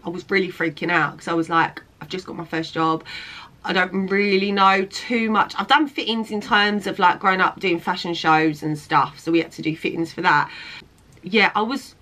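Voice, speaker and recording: A young woman chats casually to camera, filling her sentences with "like" and circling back to restart her thoughts. Her tone is bright and forward, sitting at an ordinary middle pitch. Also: poor audio. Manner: chatty, filler-heavy, with frequent "like" and restarts. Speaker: fittings model and vlogger. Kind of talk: casual talking-head vlog.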